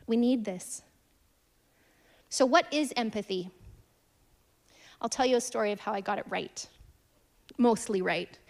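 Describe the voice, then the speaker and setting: A woman in her thirties preaches a sermon in an earnest, storytelling style with a medium-pitched voice. She swings between emphatic lines and hushed ones.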